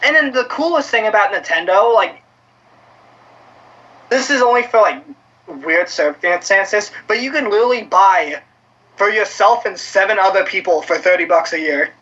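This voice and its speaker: A man co-hosting a casual gaming podcast, talking in an animated, profane way and bursting into shouts. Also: high voice, moderate pace. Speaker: podcast co-host. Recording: dull lo-fi audio.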